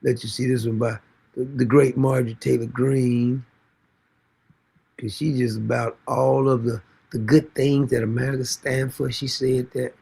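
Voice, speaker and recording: A man's voice: medium pitch, flat delivery, unhurried, creaky, warm tone, slightly rough. A man hosting a commentary stream, reacting to news clips in a sarcastic, mocking, slangy way. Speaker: commentary host.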